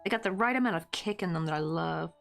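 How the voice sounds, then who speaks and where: A woman's voice: on the low side, fast talker, creaky, fairly bright tone, soft background music. A woman chatting casually with viewers while crocheting, rambling along with lots of "like" and frequent laughter. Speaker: crochet livestreamer.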